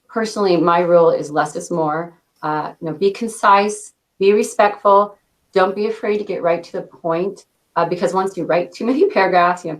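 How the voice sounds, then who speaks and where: A woman in her thirties, a company director answering interview questions with a quick cadence and frequent light laughs. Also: on the low side. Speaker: interview guest, product launch director.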